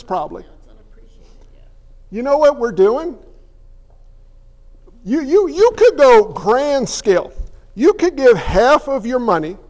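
A man with a notably high voice delivers a sermon as a pastor. He talks conversationally, mixing jokes into his points and throwing rhetorical questions at his listeners. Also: a little mellow.

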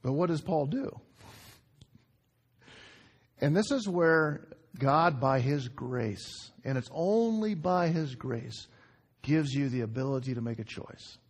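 Guy preaching, kinda high voice, gets loud then drops real quiet, repeats stuff, asks the crowd questions. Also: animated, slow pace, pauses often, slightly rough. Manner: swings between loud urgent outbursts and quiet, hushed emphasis; repeats phrases for emphasis, asks the audience questions. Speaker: pastor. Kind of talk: sermon.

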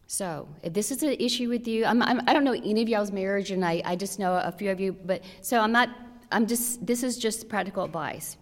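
A woman's voice: medium pitch, brisk. A woman giving practical marriage advice to a church audience, earnest and direct, full of rhetorical questions. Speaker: church women's speaker. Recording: long hall reverb.

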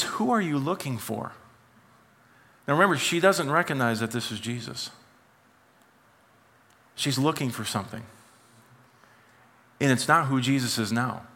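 Guy pastor preaching, bright forceful voice, chatty asides to the crowd. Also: mid-range voice. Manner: animated, conversational preaching with asides to the congregation. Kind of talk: sermon.

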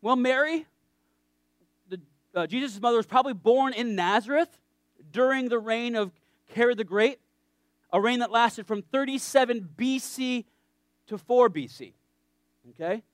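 A man's voice: very high-pitched, normal speed, long pauses, clear, resonant tone, dry recording, clean studio sound. A man preaching a sermon in a conversational, joking way, often checking in with his listeners.

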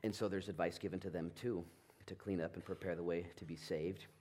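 A man preaching a sermon as pastor, animated and quick to act out Bible figures in funny voices. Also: sits low.

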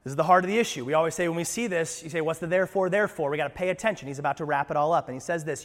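A man pastor preaching a sermon in a church, moving between hushed passages and emphatic ones, with playful asides to the congregation. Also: fairly high pitch, rapid-fire, hardly any pauses, in a large hall. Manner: passionate, swings from hushed to emphatic. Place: church sanctuary.

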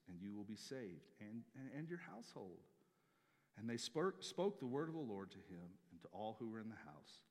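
Male pastor delivering a sermon; very expressive, punches key words then drops low, echoing sanctuary. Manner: animated, swings between loud emphatic peaks and quiet asides.

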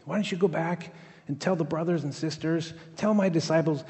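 A cocky, jubilant risen man teasing his old foes, as a preacher puts him on. The playful voice sits slightly high and rings through a large hall with long reverb. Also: a little fast, darkish tone, natural voice. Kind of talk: sermon.

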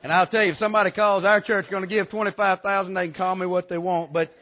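Guy preaching in his 40s, high voice, folksy jokes, kinda muffled church recording. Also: little pitch movement, quick pace. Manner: folksy, joking storyteller. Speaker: guest preacher. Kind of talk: revival sermon. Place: church sanctuary.

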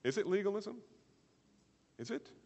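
A man preaching a sermon at a church service, animated, firing rhetorical questions and swinging between loud emphasis and quiet asides. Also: high voice, normal speed, creaky, muffled recording, a little hiss or hum. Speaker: pastor. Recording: long hall reverb.

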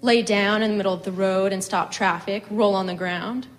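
A woman voicing a furious middle-aged farm wife who rails and shouts at heaven in a reading of a story. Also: mid-range voice, fairly even intonation, normal speed, in a large hall, lightly acted. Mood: indignant. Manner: fierce, indignant, shouting.

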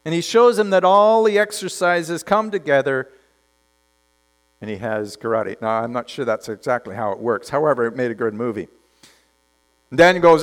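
A man preaching a sermon, telling a story with lively delivery and dropping to quiet emphasis. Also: fairly high pitch, normal speed. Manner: animated storytelling, acts out characters, drops to quiet emphasis.

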